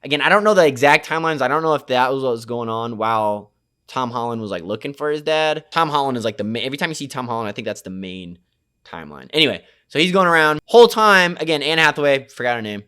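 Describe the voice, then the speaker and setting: A man's voice: mid-range voice, expressive, fast talker, sharp tone, clean tone. A young man giving a casual, slang-heavy and profane movie recap, rambling with lots of fillers. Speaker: movie reviewer.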